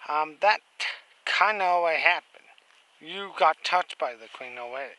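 A man's voice: a little high, animated, moderate pace, sharp tone, clean tone, dry recording, poor audio. Man doing a friendly, polite stable horse.

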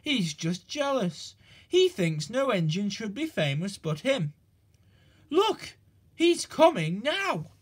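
A man voicing a kindly, cheerful old male engine in a storybook reading, gentle and soothing. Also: high-pitched, sing-song, a little slow, slightly rough, heavily acted. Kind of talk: storybook character voice.

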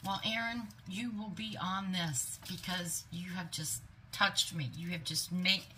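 A woman's voice: on the low side, steady tone, measured pace, pushed and bright, a little hiss or hum. A middle-aged woman unboxing gifts in a casual vlog, gushing, exclaiming often and dropping into whispered asides. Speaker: vlogger.

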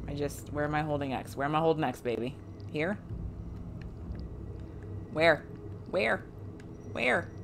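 A woman's voice: low voice, expressive, measured pace, creaky, pauses often, background noise. A woman streaming a game playthrough, chatting casually, laughing often and swearing freely. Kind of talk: casual let's-play commentary.

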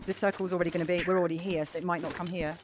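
British woman, gamer banter, quick laughs, noisy recording. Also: fairly low pitch, level tone. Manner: chatty, laughs often, quick reactions. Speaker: gamer streaming with friends. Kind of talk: casual gaming chat. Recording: loud background noise.

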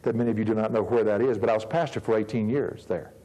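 A man in his fifties, a pastor preaching a sermon in an earnest, emphatic way, slowing down to stress key words. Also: lowish voice, fairly even intonation, mellow, poor audio. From United States. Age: 50s.

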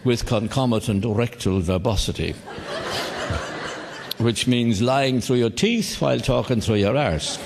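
A man's voice: medium pitch, creaky. An older Irish man doing live stand-up comedy, telling wry rambling stories with dry asides. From Ireland. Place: theatre stage before a live audience. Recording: live theatre recording with long hall reverb.

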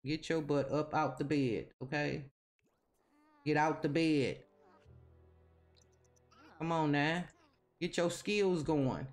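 A woman's voice: low-pitched, takes it slowly, pauses often, soft background music. A woman, casually commentating while she plays a life-simulation game and chatting at her characters. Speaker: gaming video host.

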